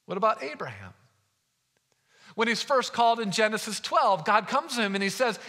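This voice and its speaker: A man pastor preaching a sermon in a church, telling stories with lively voiced asides. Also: extremely high pitch, moderate pace. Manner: animated storytelling with voiced asides. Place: church sanctuary. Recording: long hall reverb.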